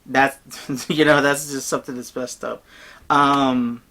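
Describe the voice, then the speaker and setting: A gamer talks through tabletop role-playing advice in an unscripted monologue. The delivery is blunt and emphatic, and it wanders from point to point. The voice sits at an ordinary middle pitch. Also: fairly even intonation, a little slow, a bit bright.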